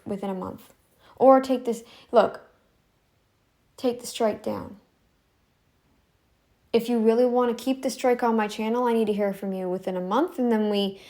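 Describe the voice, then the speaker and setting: Confrontational woman with a high voice. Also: a little mellow. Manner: confrontational, repeats demands, many restarts. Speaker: YouTube commentary channel host. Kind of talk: casual direct-to-camera monologue. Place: home room, not in frame.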